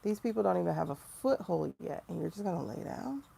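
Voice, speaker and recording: A woman hosting a casual livestream tarot reading, chatty and animated, with sudden mocking asides to her viewers. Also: fairly low pitch, brisk, gravelly, noisy background. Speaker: tarot reader and livestream host.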